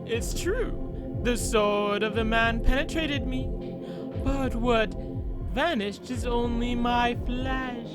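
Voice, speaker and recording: A woman's voice: on the high side, slow pace, pitched above the performer's own voice. A woman reading a grandiose male villain's lines aloud in a put-on theatrical voice, stumbling over words. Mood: boastful. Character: ancient grandiose male villain, self-proclaimed god. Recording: game music playing behind.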